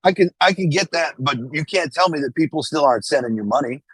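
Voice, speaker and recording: A man's voice: on the high side, animated, fast, a bit bright, breathy edge, no echo. A man on an online voice call, bluntly accusing the others and swearing freely. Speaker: caller confronting the hosts. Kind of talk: heated group voice call.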